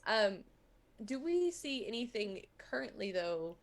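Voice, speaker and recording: A woman playing a tabletop game, talking briskly with playful banter. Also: medium pitch, big pitch swings. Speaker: player. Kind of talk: casual tabletop role-play.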